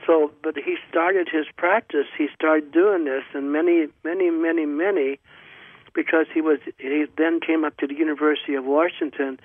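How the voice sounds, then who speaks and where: A man's voice: fairly high pitch, no room sound. Radio host guy rambling through a story, lots of ums and restarts, tinny phone-line sound. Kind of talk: casual storytelling monologue.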